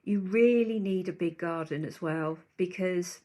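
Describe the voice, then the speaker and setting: A woman's voice: fairly low pitch, a little slow, dark tone. A woman, a dog behaviour expert guest, explaining earnestly in an interview and thinking aloud as she talks. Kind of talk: conversational interview answers.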